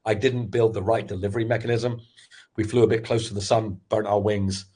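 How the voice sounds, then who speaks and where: A middle-aged man giving a candid, animated webinar talk on pitching, full of restarts as he tells his story. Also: a little fast, slightly rough. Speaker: sales expert and former startup founder.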